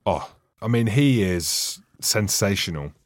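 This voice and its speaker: A man's voice: fairly low pitch, lively intonation, takes it slowly, dry recording, studio quality. A man co-hosting a podcast, chatting casually with teasing, mock-dim banter. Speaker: podcast co-host. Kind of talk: casual chat.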